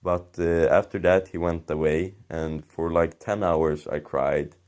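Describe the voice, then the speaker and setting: A man's voice: deep voice, steady tone, a little slow, darkish tone. A young man casually telling a rambling, sweary story about himself, laughing at his own embarrassment. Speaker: commentary channel host.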